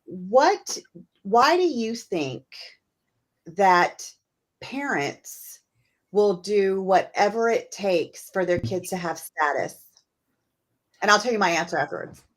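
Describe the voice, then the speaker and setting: A woman's voice: mid-range voice, big pitch swings, slow, pauses often. A woman hosting a casual conversation, talking earnestly and thinking aloud with lots of "you know" and "like.". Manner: earnest, talks things through with fillers like "you know" and "like". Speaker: host.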